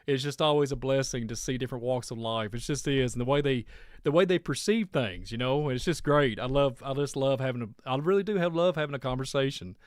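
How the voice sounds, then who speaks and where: A Kentucky man with a country accent hosts a casual, radio-style monologue, rambling and laughing often. His mid-range voice moves a little fast in a dry, clean studio recording.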